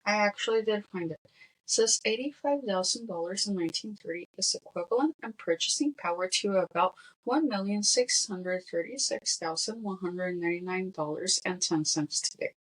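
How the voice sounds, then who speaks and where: A woman's voice: mid-range voice, normal speed, low-quality recording. A woman co-hosting a casual movie podcast with her husband, chatty and explaining details. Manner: chatty, explains and translates lines. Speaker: podcast co-host.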